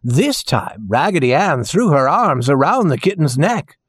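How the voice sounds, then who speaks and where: A man narrating a children's storybook in a slow, gentle, expressive way. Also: a little high, husky, no echo.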